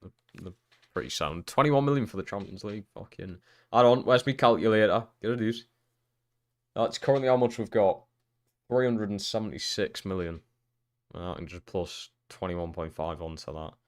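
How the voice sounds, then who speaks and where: A young man streaming a football career game, chatting casually and swearing freely, jumping into loud excited shouts at big moments. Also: fairly low pitch, moderate pace. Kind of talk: live-streamed gameplay commentary.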